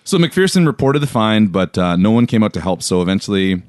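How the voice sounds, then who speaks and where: A man hosting a podcast, telling a story in a playful, animated, comedic way. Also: lowish voice, fairly quick, smooth, no echo, clean studio sound. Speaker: podcast host.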